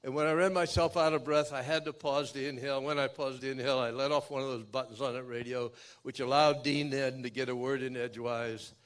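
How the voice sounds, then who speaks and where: An older man giving a keynote speech, telling a dramatic personal story in a folksy way that swings from loud to hushed. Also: mid-range voice, fairly even intonation, fairly quick, clear, resonant tone. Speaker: keynote speaker. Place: outdoor memorial event.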